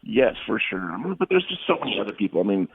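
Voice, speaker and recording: A middle-aged man, a former fighter, telling stories from his career as an interview guest, rambling with frequent pauses and restarts. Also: on the low side, very animated, gravelly, slightly rough, dry recording. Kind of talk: casual storytelling in an interview. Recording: tinny phone-like line, dry.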